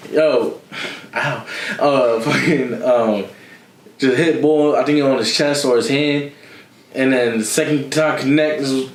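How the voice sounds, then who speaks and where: A man's voice: on the high side, a little mellow. A young man telling a story in casual chat, slangy and laughing often, acting out what others said. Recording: echoey room.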